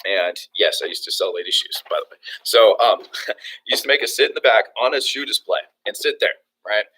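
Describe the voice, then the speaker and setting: A young man giving an energetic motivational training talk to real estate agents, with many fillers and restarts. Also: lowish voice, brisk, breathy edge, rough recording.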